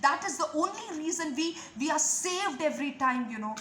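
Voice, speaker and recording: High-voiced woman preaching fervently. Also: animated, normal speed, a bit bright, echoey room, a little hiss or hum. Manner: fervent, repetitive exhortation. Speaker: preacher and online video host. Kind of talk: devotional sermon and prayer.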